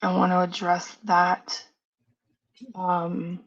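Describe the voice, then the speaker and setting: Outspoken woman streamer, gravelly voice, dull lo-fi call sound. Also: lowish voice, monotone, extremely slow. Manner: blunt, outspoken. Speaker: livestream host. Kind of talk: casual livestream chat.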